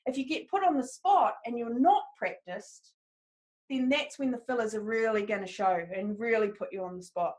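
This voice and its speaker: A woman's voice: on the high side, moderate pace. A woman teaching a live webinar on presentation skills, upbeat and encouraging as she talks straight to her audience.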